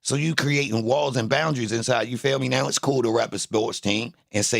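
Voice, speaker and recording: A man rants in emphatic, profane street-style commentary. His voice has a gravelly fry. The sound is dry and close, with no room echo. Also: medium pitch, brisk. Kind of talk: casual streamed commentary.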